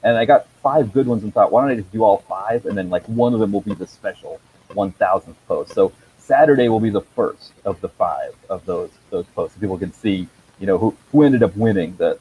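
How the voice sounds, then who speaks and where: A man's voice: fairly low pitch, mellow, a little hiss or hum, rough recording. A man on a video call chatting about his movie blog, rambling with many ums and chuckles. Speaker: movie blogger guest. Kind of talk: casual video call chat.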